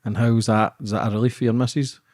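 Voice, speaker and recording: A man's voice: medium pitch, little pitch movement, quick pace, a little mellow, no echo, studio quality. A man hosting a casual interview, asking questions in a blunt way and swearing freely. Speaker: podcast host.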